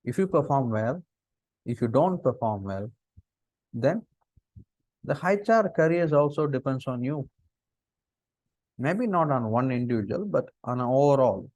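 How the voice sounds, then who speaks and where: A middle-aged man with an Indian English accent, giving a lecture on interview skills, lively and full of rhetorical questions. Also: mid-range voice, unhurried, pauses often, no room sound. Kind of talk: lecture on interview body language.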